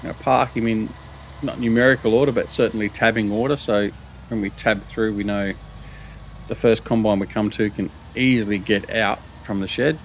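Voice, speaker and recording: A man's voice: lowish voice, fairly even intonation, moderate pace, a little hiss or hum. A middle-aged man with an Australian accent, casually talking through a farming game as host, rambling with lots of ums and restarts and poking fun at himself. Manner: rambling, many ums and restarts, self-mocking. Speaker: gaming channel host. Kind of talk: casual gameplay commentary.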